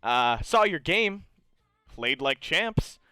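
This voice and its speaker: Man putting on a folksy, stammering young male weapon-maker for a tabletop game, raised voice, smooth and dry. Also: a little high, sing-song, slow, bright, forceful tone, dry recording, faint music behind, pitched above the performer's own voice, exaggerated voice. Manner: folksy, stammering salesman patter. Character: young male weapon-crafting student, laid-back shopkeeper.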